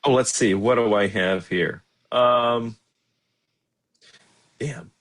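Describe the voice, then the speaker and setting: A man's voice: mid-range voice, takes it slowly, a bit bright. A man co-hosting a film podcast, easygoing, thinking aloud as he recommends films. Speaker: podcast co-host. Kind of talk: casual film podcast chat.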